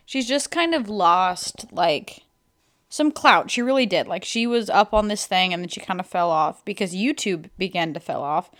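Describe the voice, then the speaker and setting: A woman's voice: medium pitch, fairly bright tone. A young woman hosting a podcast in casual chat, rambling and filling her sentences with "like". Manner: rambling, fills every pause with "like". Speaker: podcast host.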